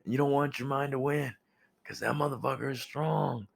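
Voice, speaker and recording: A young man giving a casual motivational monologue, blunt and profane, animated as he talks. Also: mid-range voice, normal speed, gravelly, slightly rough. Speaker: vlogger.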